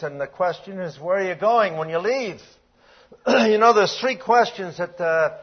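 An older man with a voice on the high side preaches a sermon, reading old-style scripture aloud. He swings between hushed, drawn-out lines and emphatic, raised passages, clearing his throat often. The recording is dull and lo-fi.

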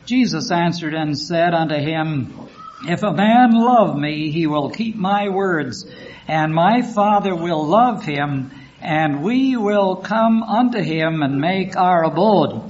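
A man preaching a sermon, reading scripture aloud and explaining it in an earnest, unhurried way. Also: a little high, lively intonation, darkish tone. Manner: slow, earnest, reads scripture in King James wording. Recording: dull lo-fi recording with faint background hiss.

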